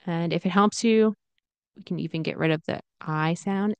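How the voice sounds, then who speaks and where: A woman teaching English pronunciation in an online lesson, speaking slowly and saying each example phrase over and over. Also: fairly low pitch, clean tone, no room sound. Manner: slow, demonstrative, repeats example phrases.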